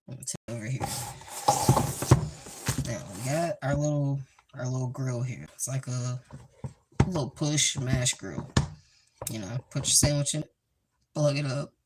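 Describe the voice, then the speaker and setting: Slow, goofy streamer. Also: medium pitch. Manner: goofy and rambling, with sound effects. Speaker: livestream host. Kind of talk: casual cooking livestream chat. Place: home kitchen. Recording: noisy with clicks.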